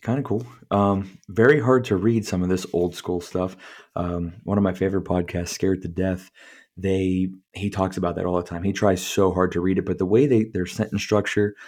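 A man's voice: sits low, steady tone, moderate pace, a little mellow. A man hosting a podcast, reading from a book aloud and tripping over words, breaking off for casual, profane commentary. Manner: stumbles over words, swears freely, chuckles at the text. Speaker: podcast host.

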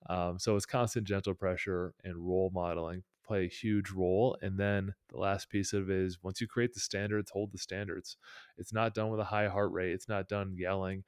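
Give me a man with a very deep voice who talks in an earnest, steady way and lays out practical steps in a casual interview. The sound is dry, with no room echo. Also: moderate pace, clear, resonant tone. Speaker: podcast guest. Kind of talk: casual conversational advice.

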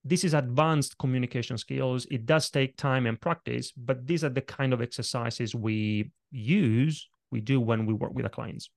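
A man's voice: medium pitch, normal speed, creaky, hardly any pauses. Man coaching on presentation delivery. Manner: demonstrates vocal techniques while explaining. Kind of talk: explanatory interview talk.

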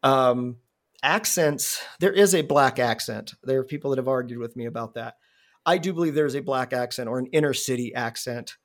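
A man's voice: mid-range voice, normal speed. A man hosting a podcast in casual chat, rambling and profane, restarting his words. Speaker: podcast host.

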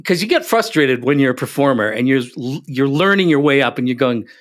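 A man speaking as a podcast guest, telling stories with emphatic, animated delivery. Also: medium pitch, fairly quick. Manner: animated, emphatic, acts out quotes. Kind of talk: casual interview storytelling.

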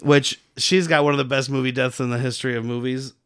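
A man's voice: medium pitch, steady tone, fast, fairly bright tone, clear, resonant tone. A man co-hosting a movie podcast, talking in a rambling, profane way and laughing often. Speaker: podcast co-host reviewing a bad movie. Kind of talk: casual chat.

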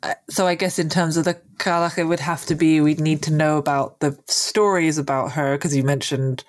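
Woman, podcast co-host, curious questions, thinking aloud, slightly low voice. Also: steady tone, moderate pace. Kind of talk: casual chat.

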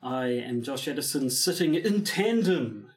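A man co-hosting a podcast, bantering in a dry, wry, deadpan way. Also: medium pitch, unhurried. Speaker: podcast co-host. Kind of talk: casual comedic banter. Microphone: studio mic, filmed on a sofa.

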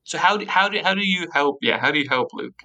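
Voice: mid-range voice, animated, fast, bright, forceful tone, poor audio. A game master narrating a tabletop game in rambling, loose narration.

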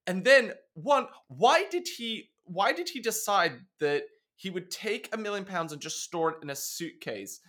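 A man's voice: sits high, expressive, a little slow, hardly any pauses, a bit bright. A man co-hosting a podcast in casual chat, laughing and incredulous as he talks. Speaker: podcast co-host.

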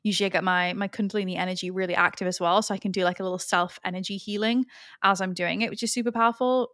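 A woman's voice: mid-range voice, gravelly, fairly bright tone, dry recording. A woman talks alone into a close podcast mic, frank and earnest, dropping casual swear words as she speaks. Her voice sits in a middle register, and the recording is dry with no room sound. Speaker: podcast host. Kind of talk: solo podcast monologue.

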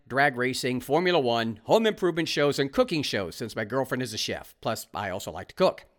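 A man's voice: a little high, fairly bright tone. A man hosting a podcast, delivering an opinionated solo monologue in a sarcastic, ranting manner and reading articles aloud with running commentary. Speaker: podcast host.

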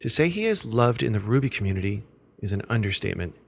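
A man hosting a podcast, reading scripted narration in a measured, reflective way. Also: fairly low pitch, sing-song, vocal fry, a little hiss or hum. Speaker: podcast host.

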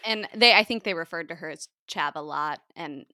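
A woman's voice: deep voice, moderate pace, bright, forceful tone, no echo, studio quality. A young American woman with a General American accent, co-hosting a casual podcast chat in a playful, self-deprecating way. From United States. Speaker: podcast co-host.

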